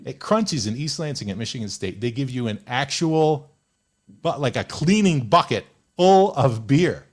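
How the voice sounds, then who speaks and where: A man's voice: medium pitch, normal speed. A young man hosting a radio show, chatting casually and telling jokey stories. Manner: animated, joking storyteller. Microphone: studio microphone.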